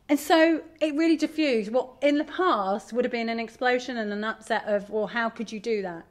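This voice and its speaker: A middle-aged woman giving a candid, animated talk to an audience as a parent. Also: fairly high pitch, moderate pace. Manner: animated, candid, self-deprecating. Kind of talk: live presentation to an audience.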